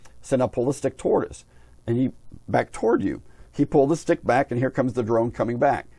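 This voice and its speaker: A man's voice: medium pitch, animated, fairly quick, creaky, dark tone, husky, dry recording. A middle-aged man, an aviation hobby vlogger, tells a long casual story, rambling and repeating himself. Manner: rambling, repeats himself, quotes others in his own voice.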